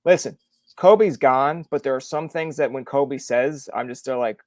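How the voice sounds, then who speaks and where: A young man hosting a podcast interview, talking in a rambling, animated way with lots of fillers. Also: medium pitch, moderate pace, no echo, clean studio sound. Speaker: podcast host. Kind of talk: casual interview chat.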